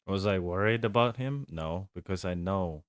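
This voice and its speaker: A man's voice: low voice, normal speed, no echo, studio quality. A man streaming a game and chatting casually, rambling and laughing along the way. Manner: rambling, laid-back, chuckles often. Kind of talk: casual gaming stream chat.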